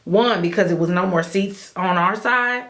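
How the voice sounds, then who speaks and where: Woman vlogger, casual storytime delivery, animated and direct to camera. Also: mid-range voice, normal speed. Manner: animated, addresses viewers as y'all, acts out her own inner thoughts. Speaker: vlogger telling her wedding story.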